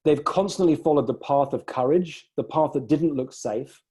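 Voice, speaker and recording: A man's voice: fairly high pitch, moderate pace, dark tone, slightly rough. A man coaching a client one-on-one, reflecting her words back and telling stories to make a point.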